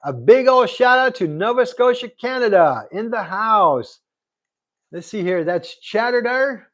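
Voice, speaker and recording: A man's voice: high voice, expressive, measured pace, a bit bright. A middle-aged man hosting a casual livestream, reading viewer comments aloud and thanking them over and over. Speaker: livestream host. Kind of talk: casual live chat. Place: Arizona.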